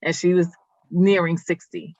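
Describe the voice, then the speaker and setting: A woman guest on a podcast, telling a personal story in an earnest, halting way that turns emotional. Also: fairly low pitch, flat delivery, creaky, darkish tone, no echo, muffled recording. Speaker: guest, nonprofit founder.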